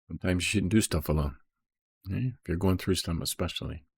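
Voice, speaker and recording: A man's voice: sits low, fast, creaky, darkish tone, husky, no room sound, studio quality. A man reading Bible verses aloud and explaining them in a casual teaching style, checking in often with "okay?" and "right?".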